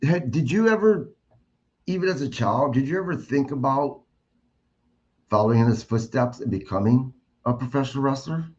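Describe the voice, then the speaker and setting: A man's voice: mid-range voice, normal speed, long pauses, a little mellow. A man hosting a podcast interview, asking questions in an eager, conversational way. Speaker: podcast host. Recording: dull lo-fi audio.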